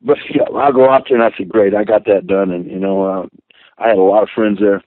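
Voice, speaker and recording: Older male guest, deep-ish voice, rambling storyteller on a tinny phone line. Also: fast, no echo. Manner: rambling, animated anecdotes with many restarts. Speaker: guest, former wrestler. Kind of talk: storytelling interview.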